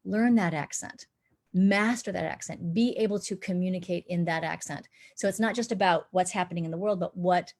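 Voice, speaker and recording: A female dialect coach answers questions in a live online Q&A chat over a video call, her voice on the low side, a little fast and slightly mellow. She speaks earnestly and explains things as she advises actors.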